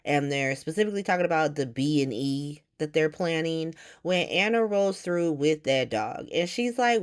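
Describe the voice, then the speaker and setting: A woman's voice: sits low, lively intonation, normal speed, few pauses. A woman hosting a podcast, recapping a soap opera in a blunt, profane, sarcastic way, rambling with fillers and firing off exasperated rhetorical questions. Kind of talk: casual recap chat.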